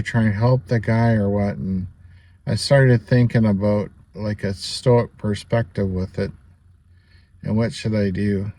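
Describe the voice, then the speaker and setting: A man's voice: lowish voice, fairly even intonation, a little slow, warm tone, no echo. A man casually telling a personal story to camera, rambling and chatty, with many asides and small laughs. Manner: rambling, chatty, peppered with "you know" and little laughs. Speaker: vlogger.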